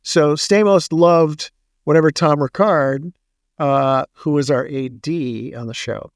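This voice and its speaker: With a fairly high voice, a middle-aged co-host trades casual podcast chat, telling stories loaded with dad jokes, puns and quick asides. The studio recording is clean, with no room sound.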